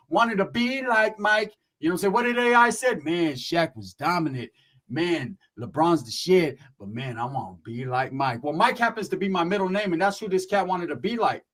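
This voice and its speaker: A young YouTuber from Northern California rants bluntly and profanely on a livestream, tagging his lines with "right?" and "bro." His voice is high with a fairly bright tone, and the recording quality is low.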